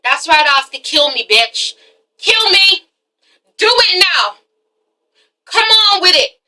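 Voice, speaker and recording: Woman playing a fierce defiant woman, high-pitched, loud challenging delivery, sharp bright tone, slightly distant mic. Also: big pitch swings, takes it slowly, full character voice. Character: defiant furious woman daring a rival.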